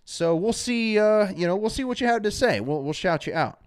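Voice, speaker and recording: Man, show host, live fan chat, smooth resonant voice, very animated pitch, energetic. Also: a little fast. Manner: energetic, shouts out viewers by name. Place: studio under hot lights.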